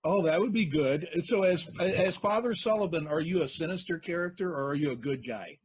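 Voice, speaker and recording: A man hosting an interview, asking questions in a hesitant, halting way with many fillers. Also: on the high side, breathy edge. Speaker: host.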